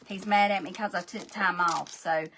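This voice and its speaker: A woman's voice: lowish voice, fairly even intonation, normal speed, a bit bright, slight background noise. A woman hosting a live craft demo, folksy and a bit scatterbrained as she talks straight to her viewers. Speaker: crafting livestream host.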